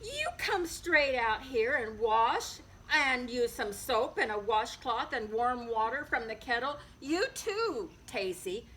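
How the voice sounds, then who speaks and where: Woman reader as storybook mother, firm motherly orders, high and slow. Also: expressive, a bit bright, poor audio. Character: stern but kindly mother calling children to wash up.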